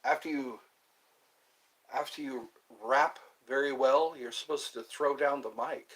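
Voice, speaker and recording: A man's voice: medium pitch, fairly even intonation, measured pace, fairly bright tone, rough recording. A man live-streaming in a casual chat, reading viewer comments aloud and rambling playfully with frequent giggles.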